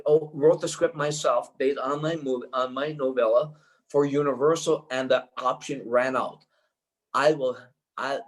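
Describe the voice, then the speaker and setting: Excitable older man telling rambling stories. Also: mid-range voice, rough recording. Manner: excitable, rambling, full of restarts. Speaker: interview guest, filmmaker. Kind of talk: rambling anecdotal storytelling.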